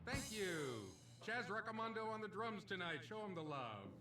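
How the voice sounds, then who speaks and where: A man's voice: high-pitched, very animated, moderate pace, bright, forceful tone, echoey room, far from the mic, soft background music, exaggerated voice. An actor playing a cheesy male casino stand-up comedian, delivering punchy jokes and doing comic voices. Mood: brash.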